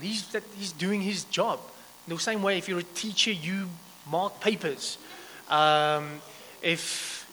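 A man preaching a sermon, telling the story with lively emphasis and frequent restarts. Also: on the high side. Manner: animated storytelling with many restarts. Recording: long reverb, faint background noise.

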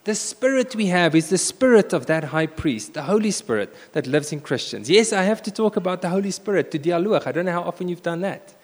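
A man preaching a sermon, telling a personal story with animated swings between loud bursts and hushed asides, in a church hall. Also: sits high, brisk, hardly any pauses. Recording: echoey hall reverb.

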